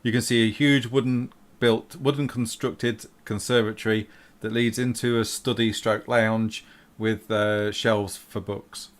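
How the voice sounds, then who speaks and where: A man's voice: lowish voice, flat delivery, a little slow. A man narrating a tabletop game as game master, hesitant, with many fillers.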